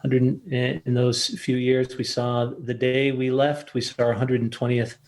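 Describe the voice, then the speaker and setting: An older American man, a missionary guest, telling his story in an interview with frequent pauses and fillers. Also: medium pitch, monotone, darkish tone. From United States. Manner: halting, many fillers and restarts.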